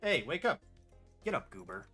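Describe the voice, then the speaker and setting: A man voicing a gruff, suspicious male hotel guest with a New York accent, brash and mocking, with loud outbursts. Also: mid-range voice, big pitch swings, moderate pace, faint music behind, full character voice.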